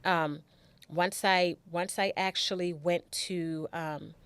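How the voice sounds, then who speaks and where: A woman with a lowish voice talks through her own story as an interview guest. She speaks haltingly, often breaking off and starting again, and leans on repetition to drive her points home. The sound is dry and close, with no room echo. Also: fairly even intonation, fairly bright tone, smooth. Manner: halting, with restarts and emphatic repetition. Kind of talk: personal storytelling in conversation.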